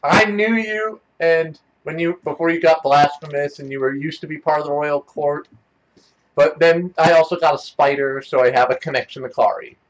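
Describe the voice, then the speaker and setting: A man's voice: on the high side, normal speed, lo-fi sound. A man chatting casually as a player in a tabletop game, playful and laughing often.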